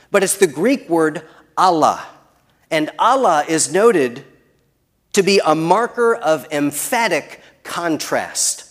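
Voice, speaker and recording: A man preaching a sermon who builds to emphatic peaks and then drops very soft. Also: a little high. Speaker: pastor.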